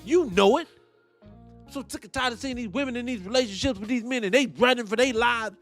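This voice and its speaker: A man hosting a morning talk show, ranting in a fired-up, animated, profane way. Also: very high voice, fast talker, faint music behind. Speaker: host. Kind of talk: commentary rant.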